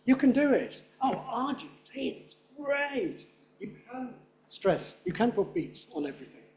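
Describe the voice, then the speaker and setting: A man giving a lively conference lecture, often checking in with his audience. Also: high-pitched, moderate pace. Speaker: linguistics lecturer.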